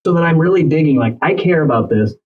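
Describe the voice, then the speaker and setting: A man's voice: fairly high pitch, fast. A man, a relationship coach chatting casually and acting out bits of dialogue with joking asides. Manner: animated, acts out dialogue with jokey asides. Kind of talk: casual conversational advice. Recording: slightly dull, lo-fi audio.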